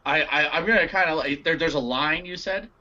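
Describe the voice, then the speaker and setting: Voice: medium pitch, fairly quick, bright, forceful tone, lo-fi sound. A tabletop game player talking in a rambling way, restarting sentences, swearing and laughing often.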